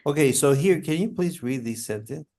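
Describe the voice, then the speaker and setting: A man's voice: a little high, animated, normal speed, darkish tone. A man giving a one-on-one English pronunciation lesson, patiently repeating example sentences with many fillers. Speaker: English tutor.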